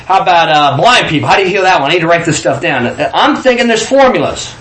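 A man's voice: a little high, very fast, a bit bright, echoey room, slight background noise, poor audio. A man from Kansas telling a personal testimony in a casual storytelling way, acting out the quoted voices with frequent restarts. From Kansas, USA.

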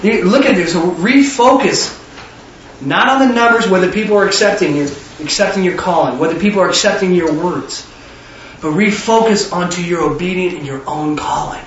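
A man preaching a sermon in an animated way, with rhetorical questions and bursts of shouting. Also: high voice, normal speed. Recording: echoey hall, distant dull mic, faint noise.

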